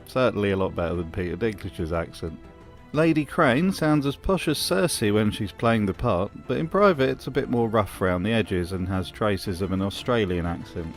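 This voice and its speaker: A man's voice: lowish voice, animated, moderate pace, faint music behind. Dry, mocking man narrating a video essay.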